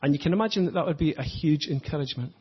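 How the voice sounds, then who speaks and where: A man preaching an earnest, reflective sermon, slowing down to stress his points. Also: fairly high pitch, husky, highs cut off. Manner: earnest, reflective, slows for emphasis.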